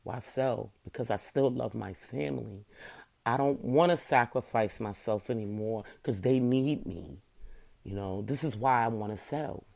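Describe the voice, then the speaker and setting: With an extremely low, creaky, dark voice, a woman hosting an online show speaks a little slowly. Her casual, heartfelt talk to viewers is emphatic and packed with repeated "you know"s.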